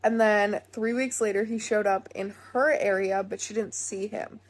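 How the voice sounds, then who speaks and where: A young woman excitedly recapping a book she is reading, gushing and saying "like" a lot. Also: mid-range voice, normal speed. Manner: gushing, excitable, heavy use of "like". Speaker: book vlogger. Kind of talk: casual reading vlog recap.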